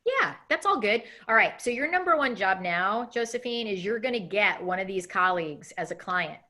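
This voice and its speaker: A woman in her thirties leading a live coaching webinar, talking quickly and acting out example messages in an animated way. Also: medium pitch. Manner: fast, animated, acts out example emails. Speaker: coaching instructor.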